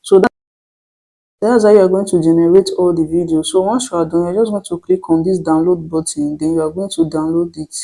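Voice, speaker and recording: A tutorial host giving step-by-step instructions in a voice-over, with frequent restarts and slow dictation of prompts. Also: medium pitch, steady tone, creaky, dark tone, low-quality recording. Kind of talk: screen-recorded tutorial voice-over.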